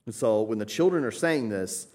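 A man's voice: fairly low pitch, lively intonation, normal speed, darkish tone. A man teaching a Bible passage in a sermon, emphatic and repetitive, often checking in with "right?". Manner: emphatic, repeats phrases, tags points with "right?". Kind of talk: expository sermon.

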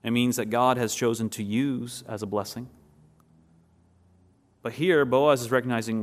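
A man's voice: mid-range voice, steady tone, moderate pace, long pauses. Man preaching, with questions to the listeners. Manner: asks the listeners questions, then answers them. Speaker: pastor. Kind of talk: sermon.

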